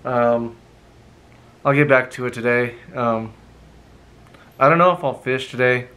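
A man's voice: mid-range voice, unhurried, sharp tone. Rambling man reading dad jokes. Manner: rambling, many ums, reads dad jokes aloud. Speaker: vlogger. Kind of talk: casual morning vlog chat.

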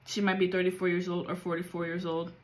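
A woman's voice: on the low side, completely flat delivery, quick pace. Blunt, cussing woman psychic reader. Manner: blunt and profane, streetwise slang. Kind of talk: casual spiritual reading monologue.

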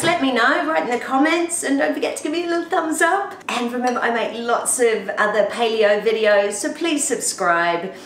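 A woman's voice: fairly high pitch, fairly bright tone, echoey room, recorded from a distance, a little hiss or hum. A woman vlogger chatting casually to camera, upbeat and laughing easily. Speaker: lifestyle vlogger. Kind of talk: casual vlog chat to camera.

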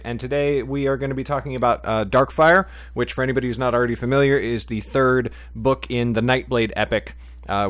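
A man hosts a relaxed podcast, rambling along with plenty of "uh"s and wry jokes. His voice sits at an ordinary middle pitch, and the sound is dry and close. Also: dry recording. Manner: rambling, joking, many fillers. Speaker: podcast host. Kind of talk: casual podcast chat.

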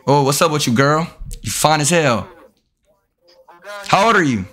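A man's voice: on the high side, expressive, measured pace, fairly bright tone. A young man live streaming and video-chatting with strangers, brash and heavy on profanity, talking straight to his chat.

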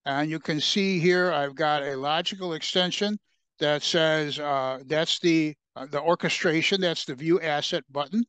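A man walks through a software demo over a webcast, often stopping to restart his phrases and fill gaps with small hesitations. His voice is smooth and clear, sits a little high for a man, and the recording is close and dry with no room around it. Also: no room sound. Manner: halting, many fillers and restarts. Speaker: software presenter. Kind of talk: webcast screen-share demo.

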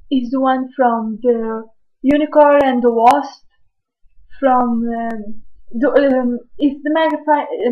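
High-voiced gushing woman on a webcam. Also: muffled recording. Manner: gushing, keeps exclaiming and repeating herself. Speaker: vlogger reacting to a TV episode. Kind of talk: excited reaction vlog. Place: indoors at home at night.

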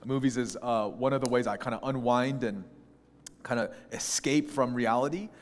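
A man preaching a conversational sermon as a pastor, telling stories in an animated, opinionated way. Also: mid-range voice, normal speed. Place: church sanctuary. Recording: long church hall reverb.

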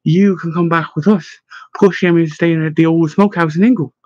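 A man reading an audiobook, voicing a clumsy but kind-hearted young man who speaks eagerly with a husky tone. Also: on the high side, fairly even intonation, fairly quick, a little mellow, no echo, dull audio, lightly acted. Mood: earnest. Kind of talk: audiobook narration.

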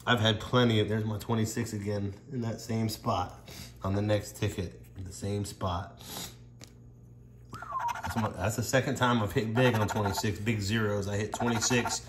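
A man's voice: fairly low pitch, fairly even intonation, moderate pace. Emotional man exclaiming over a win. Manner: exclaiming, emotional, rambling, addressing viewers as y'all. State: tearful and overwhelmed. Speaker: scratch-off ticket vlogger. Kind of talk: excited casual commentary. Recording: echoey room with background noise.

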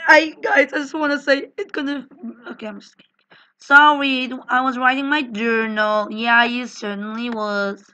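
A woman's voice: a little high, fairly even intonation, normal speed, pushed and bright, clear, resonant tone. A woman hosting a casual multiplayer game video, joking and laughing as she plays and talks to viewers. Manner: giggly, jokey, talks to viewers. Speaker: gaming channel host. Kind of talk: casual let's-play chat.

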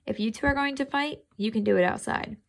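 A woman voicing a stern mother who scolds in a slow, booming voice. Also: gravelly.

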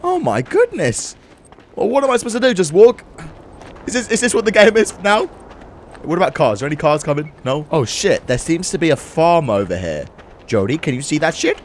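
A young man narrates his gameplay in a rush of exclamations and curses. His pitch swings dramatically and sits on the higher side. A faint background hum runs under the recording. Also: brisk. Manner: excitable, swears, mock accents. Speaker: gaming YouTuber. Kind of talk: let's play commentary.

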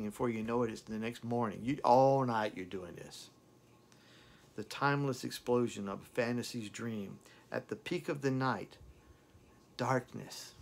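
A man recites song lyrics in a slow, dramatic voice and then comments on them, often repeating his words. His mid-range voice is rough and gravelly. Faint noise hums behind him. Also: mid-range voice. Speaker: song reviewer.

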